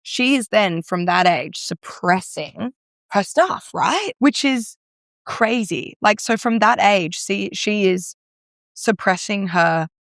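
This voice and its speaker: A woman's voice: medium pitch, lively intonation, slow pace, no room sound, clean studio sound. A young Australian woman, a breathwork guest, telling stories in casual chat full of "like" fillers. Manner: chatty, storytelling, many "like" fillers.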